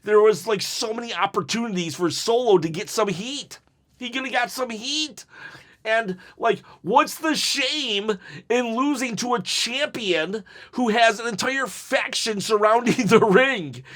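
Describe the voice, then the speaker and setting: Excitable, rambling man reviewing wrestling. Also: very high-pitched, measured pace. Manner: excitable and rambling, with jokey asides and laughs. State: jittery from caffeine. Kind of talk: casual solo review talk.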